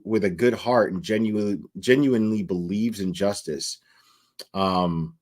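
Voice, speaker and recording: A man hosting a live commentary stream, talking in a halting way with many fillers and restarts as he reads viewer messages. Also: on the low side. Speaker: livestream host.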